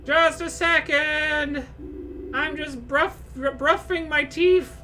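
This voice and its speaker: A woman's voice: sits high, very animated, moderate pace, sharp tone, pitched above the performer's own voice, heavily acted. A woman voicing an eccentric, fussy male doctor who sounds flustered and pompous. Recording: game music playing behind.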